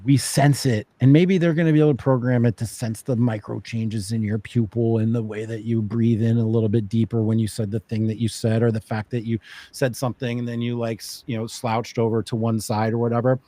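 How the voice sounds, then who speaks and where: Mellow-voiced man thinking out loud. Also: medium pitch, brisk, no echo. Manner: animated, thinks aloud with many fillers and restarts; acts out quoted voices for emphasis. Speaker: podcast guest. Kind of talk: casual conversational chat.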